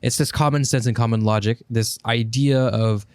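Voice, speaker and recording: A man's voice: medium pitch, fairly even intonation, moderate pace, clear, resonant tone, dry recording. A man co-hosting a casual podcast, pressing his point emphatically and cutting in, with some swearing. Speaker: podcast co-host.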